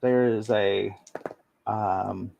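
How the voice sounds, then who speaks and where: A man narrating a tabletop game as game master, halting and full of ums. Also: on the low side, fairly even intonation, creaky, highs cut off, slight background noise.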